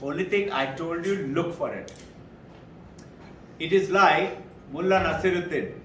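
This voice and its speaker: Man, middle-aged, spiritual teacher, animated storyteller, high voice, faint background noise. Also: measured pace. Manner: animated storyteller who acts out quoted dialogue. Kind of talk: spiritual talk to a live audience. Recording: roomy hall, mic at a distance.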